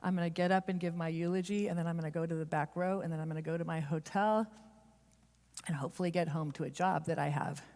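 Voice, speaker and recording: A woman giving a heartfelt, confessional storytelling sermon at church, speeding up and slowing down for emphasis. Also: sits low, fairly even intonation, darkish tone. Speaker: church speaker. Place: church sanctuary. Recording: long reverb of a large hall.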